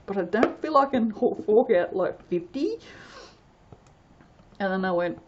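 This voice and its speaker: An Australian woman, host of a soap-making channel, chatting casually and rambling while she works, laughing often and breaking into sudden loud exclamations. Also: lowish voice, measured pace, long pauses, muffled recording, slight background noise. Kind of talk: casual chat while working.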